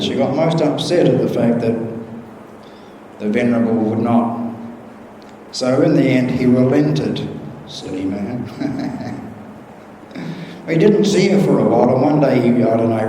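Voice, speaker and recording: A man's voice: medium pitch, unhurried, pauses often, warm tone, a little hiss or hum. A man who is a Western Buddhist monk, giving an informal humorous Dhamma talk full of anecdotes and acted-out dialogue in a large temple hall. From Western country. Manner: humorous, chuckling at his own stories, acts out dialogue. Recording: echoey hall recording with faint room ambience.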